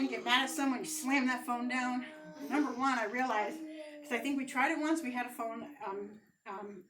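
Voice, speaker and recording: A woman's voice: on the high side, fairly bright tone, far from the mic, a little hiss or hum, rough recording. A woman in her forties doing stand-up comedy, telling rambling, self-deprecating stories about her family with many fillers. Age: 40s. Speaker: amateur stand-up comic.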